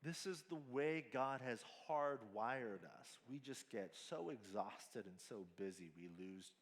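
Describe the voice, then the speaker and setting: A man preaching a sermon at a family camp, slow and emphatic, mixing scripture with casual slang. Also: mid-range voice, lively intonation. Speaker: pastor. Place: large hall at a family camp. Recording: hall reverb.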